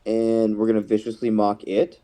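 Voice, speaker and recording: A man's voice: fairly low pitch, completely flat delivery, normal speed, warm tone. A man playing a bard in a tabletop game, joking and teasing the others. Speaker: player, bard character.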